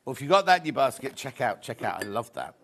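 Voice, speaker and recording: A man's voice: mid-range voice, big pitch swings, fast, gravelly, a bit bright. A man hosting a live shopping show, chatting casually, joking with the crew and reading out viewer messages. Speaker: shopping channel host.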